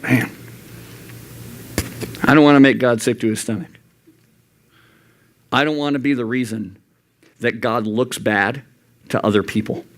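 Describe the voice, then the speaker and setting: Speaking unhurriedly and pausing often, a young adult youth pastor gives a heartfelt sermon in a church youth room. Quotes from God and from himself come out in animated, high voices.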